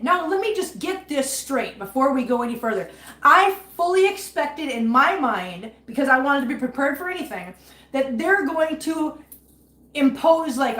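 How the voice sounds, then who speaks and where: A woman's voice: high voice, a bit bright. Upset woman chatting in an echoey kitchen. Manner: chatty, emphatic, repeats herself when upset. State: upset, holding back tears. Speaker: cat channel livestream host. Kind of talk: casual livestream chat while cleaning. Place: home kitchen.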